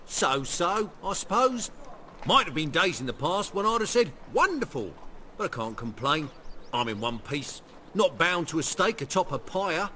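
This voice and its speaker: A wry shapeshifter merchant. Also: male voice, fairly high pitch, sing-song, normal speed, bright, forceful tone, a little hiss or hum. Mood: rueful. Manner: wry, rueful and self-mocking. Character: weary middle-aged male shapeshifter posing as a ruined merchant. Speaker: game character. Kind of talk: video game voice acting.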